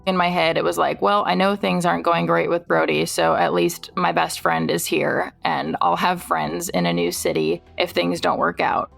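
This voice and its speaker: A woman from Iowa, a nurse, steadily recounting her own story and flatly reading out text messages. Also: fairly low pitch, normal speed, creaky, hardly any pauses, soft background music. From Iowa, USA. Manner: steady, reads his texts aloud flatly. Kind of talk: personal true-crime testimony.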